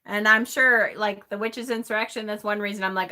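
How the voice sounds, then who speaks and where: A woman's voice: mid-range voice, fairly even intonation, fairly quick, few pauses, pushed and bright. A woman hosting a live stream in a chatty way, laughing often as she reads aloud and answers her chat. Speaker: host of a tarot channel.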